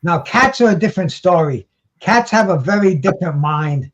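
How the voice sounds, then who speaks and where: A man's voice: high-pitched, expressive, normal speed. A man talking casually as a guest on a talk show, rambling with many restarts and casual swearing, heard over a dull lo-fi line. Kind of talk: casual chat. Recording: dull lo-fi sound.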